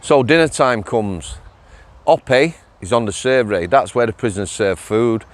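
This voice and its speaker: A man's voice: mid-range voice, moderate pace, no echo. A man telling a workplace story in a casual, chatty monologue, often laughing and asking "yeah?". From England. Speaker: former prison officer vlogger.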